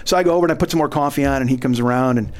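A middle-aged man, a comedian guest, telling a long story in a casual, animated way, laughing and acting out the other people's lines. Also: medium pitch, racing.

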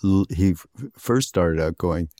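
A man in casual conversation, speaking in a relaxed, agreeable way and laughing easily. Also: low voice, measured pace, no room sound, studio quality.

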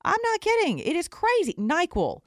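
A woman's voice: very high-pitched, wildly swooping pitch, normal speed, dry recording, clean studio sound. A woman hosting her own talk show, ranting bluntly with sarcastic asides. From living in Atlanta. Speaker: show host; recording artist. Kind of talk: opinion talk show monologue.

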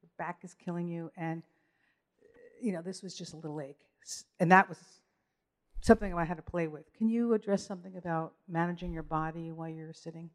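A woman's voice: on the low side, steady tone, fairly quick. Hesitant woman asking a question. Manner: hesitant, many ums and restarts. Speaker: audience member asking a question. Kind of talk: question at a live talk.

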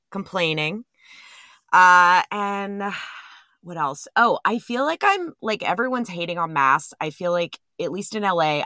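A woman's voice: deep voice, pushed and bright, no echo. A young woman hosting a podcast, talking in a rambling, candid, profane and self-deprecating way. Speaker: podcast host. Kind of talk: casual monologue and interview.

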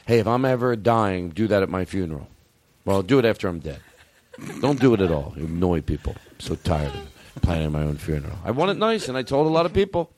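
Profane, excitable man hosting a podcast. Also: low voice, fast talker, a little hiss or hum. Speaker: podcast host. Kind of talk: comedic podcast rant. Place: podcast studio.

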